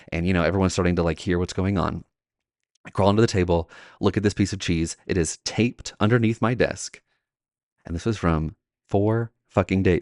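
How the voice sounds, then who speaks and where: Low-voiced young man telling a story. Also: no echo, studio quality. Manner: chatty, many "like" fillers, acts out quoted voices. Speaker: podcast host, teacher. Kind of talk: casual storytelling monologue.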